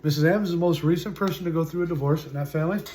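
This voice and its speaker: A man in his forties telling his own story as a vlogger, halting and full of fillers, his sentences often trailing off quietly. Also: on the high side, a little hiss or hum. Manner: halting, full of "uh" and "you know", trailing off softly. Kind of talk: personal storytelling to camera.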